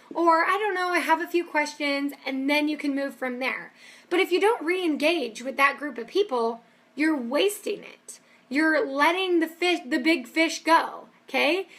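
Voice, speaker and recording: A woman leads a motivational business training with a high, bright voice. She is upbeat and emphatic and keeps checking in with "okay?". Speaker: business coach.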